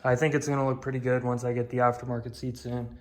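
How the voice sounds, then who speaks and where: A man's voice: medium pitch, flat delivery, fast talker. A young man vlogging about fixing up his car, talking casually and bluntly, with some swearing and self-deprecating jokes. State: out of breath. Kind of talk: casual vlog. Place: home garage.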